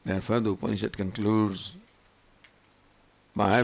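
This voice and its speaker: An older man lectures on scripture in a gravelly voice. His pitch rises and falls with lively swings as he puts one rhetorical question after another to his listeners. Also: unhurried, long pauses. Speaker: swami teaching scripture.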